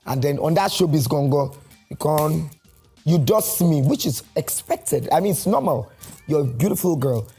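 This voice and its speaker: A man's voice: a little high, animated, moderate pace, warm tone. A Nigerian man in his forties, a guest in a casual chat, exuberant and theatrical, often breaking into sing-song. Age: 40s. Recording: echoey room with faint music.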